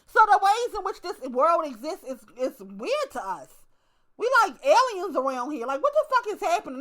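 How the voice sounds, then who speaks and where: A young woman, talking casually to her viewers in a profane, animated way and acting out little scenes. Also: very high-pitched, moderate pace. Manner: profane, animated storytelling with acted asides. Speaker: channel host. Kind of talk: casual monologue to camera.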